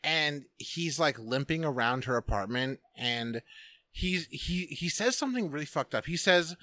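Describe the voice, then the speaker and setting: A man in a casual podcast chat walks through a movie plot scene by scene, swearing freely and tripping over his own restarts. His voice has a bright, forward ring. The room sounds close and dry, with no reverb around him. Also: on the high side, lively intonation, measured pace. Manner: rambling, profane, with many restarts and fillers. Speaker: podcast co-host recapping a film.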